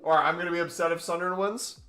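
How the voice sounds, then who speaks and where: A male streamer chatting during a live game stream on his microphone, excitable and joking. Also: on the high side, fast talker, soft background music. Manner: excitable and joking, with whoops and laughs.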